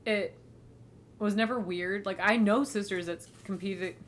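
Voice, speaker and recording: A young woman in casual podcast chat, telling animated stories, saying "like" a lot and swearing freely. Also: medium pitch, measured pace, a little hiss or hum. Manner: chatty, animated storytelling with frequent "like" and swearing.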